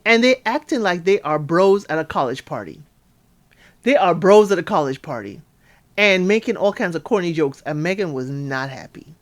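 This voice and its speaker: A woman giving a casual recap of a reality show, chatty and animated, acting out quotes with asides to listeners. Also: lowish voice, moderate pace. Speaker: recap podcaster.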